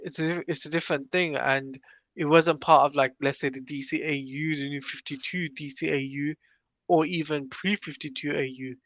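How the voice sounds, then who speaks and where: This sleepy man is co-hosting a podcast and earnestly defending his view on continuity. His voice sits slightly high. It sounds dry and close, with no room sound. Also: fairly even intonation, normal speed, fairly bright tone, no room sound. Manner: earnest, insists on his points about continuity. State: sleepy, yawning early in the morning. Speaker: podcast co-host. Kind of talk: casual discussion of a comic-book film.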